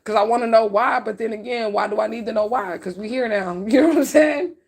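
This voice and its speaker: A woman's voice: on the high side, fairly quick, creaky, darkish tone, husky. A woman telling her followers an emotional personal story, raw and outspoken, cursing freely, crying as she talks. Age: adult. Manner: raw, outspoken, profane, tearful at times. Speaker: spiritual reader talking to her followers.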